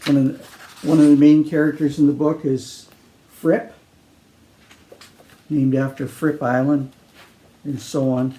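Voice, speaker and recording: A man, an author, reading his novel aloud at a library event, with loose, halting comments in between. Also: on the high side, level tone, mellow.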